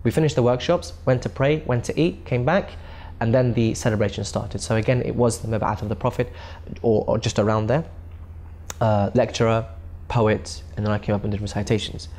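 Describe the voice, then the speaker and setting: A man's voice: mid-range voice, steady tone, brisk, a little mellow, a little hiss or hum. A man recounting his recitation tour in a documentary interview, earnest and often repeating and restarting words.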